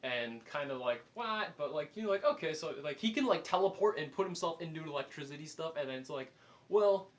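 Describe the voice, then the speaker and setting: A man giving a casual spoken movie review, animated and full of fillers, acting out his own reactions. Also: a little high, fairly quick.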